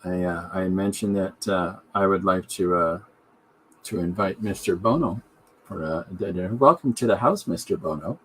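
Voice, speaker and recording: A man's voice: low-pitched, moderate pace, a bit bright, slight background noise. A man hosting his own podcast, chatting casually and jokily while he draws a comic. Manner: rambling, jokey asides. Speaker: podcast host and comic artist. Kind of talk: casual chat while drawing.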